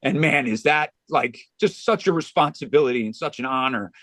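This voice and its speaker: A man's voice: mid-range voice, expressive, brisk, a bit bright, no room sound. Earnest man telling a heartfelt story. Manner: earnest, with frequent restarts and "you know". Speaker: golf club director of instruction, podcast guest.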